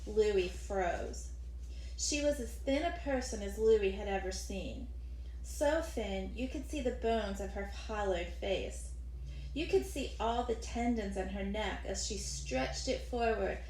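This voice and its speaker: Slow-reading woman, echoey room. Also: medium pitch, a little hiss or hum. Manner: deliberate, expressive storytelling. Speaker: narrator. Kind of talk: audiobook narration of a children's novel.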